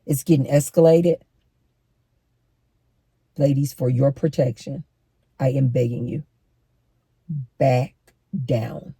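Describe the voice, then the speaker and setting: A woman's voice: extremely low pitch, fairly even intonation, slow, pauses often, dark tone, breathy edge, dry recording. Emphatic middle-aged woman giving advice. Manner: emphatic, preachy, direct address to women. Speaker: relationship advice vlogger. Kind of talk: advice monologue to camera.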